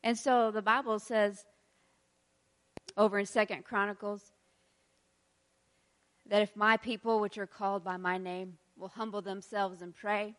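A woman's voice: medium pitch, little pitch movement, unhurried, pauses often. A woman in her thirties, a pastor's wife, giving a casual sermon in a chatty way, laughing often and leading a prayer.

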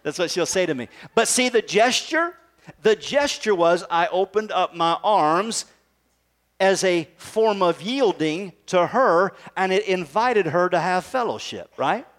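A pastor preaching a sermon in a conversational way, often checking in with the congregation with quick tag questions. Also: male voice, high-pitched, expressive, a bit bright. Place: church service.

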